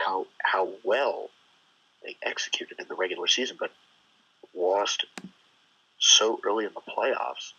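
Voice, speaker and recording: Hushed husky-voiced man. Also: low voice, measured pace, long pauses, dull audio. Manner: speaking in a hushed whisper. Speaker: podcast co-host. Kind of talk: casual sports chat.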